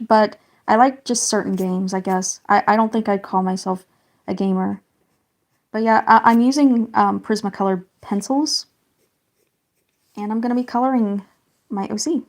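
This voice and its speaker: A young woman chatting casually on a live stream while colouring, greeting viewers and reading out their comments with lots of fillers. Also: medium pitch. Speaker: livestreamer.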